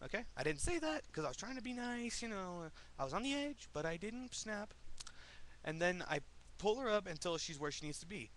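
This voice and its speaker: A man's voice: high-pitched, sing-song, a little fast, fairly bright tone, a little hiss or hum. Profane, heated American vlogger man. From United States. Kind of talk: angry political rant vlog.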